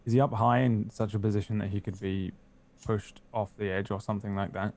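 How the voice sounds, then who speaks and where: A man playing a tabletop game over a call, relaxed and joking, laughing often. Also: fairly low pitch, brisk. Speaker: player. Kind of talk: casual tabletop game chat.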